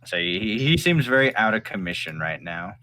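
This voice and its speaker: A man running a tabletop role-playing game, describing scenes for his players. He talks in loose, hesitant runs full of fillers. His voice is a little low but bright and forward. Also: very animated, normal speed. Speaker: game master.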